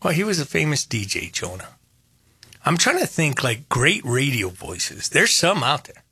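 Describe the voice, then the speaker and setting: An older man hosting a radio show in casual chat, telling stories with animated repetition. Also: mid-range voice, normal speed, breathy edge, dry recording, studio quality. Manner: animated, storytelling, repeats phrases. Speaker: radio host.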